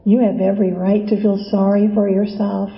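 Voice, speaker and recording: A woman voicing a soft, pitying personification of self-pity in a hushed, coaxing whispered role-play. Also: medium pitch, little pitch movement, normal speed, echoey room, in a large hall, dull audio, close to an everyday voice.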